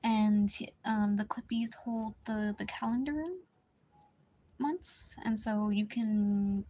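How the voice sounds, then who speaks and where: A young woman chatting casually on a live art stream, talking quietly and rambling with many likes and restarts. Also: steady tone, takes it slowly. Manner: speaks quietly at low volume, partly whispering. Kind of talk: casual live-stream chat while drawing.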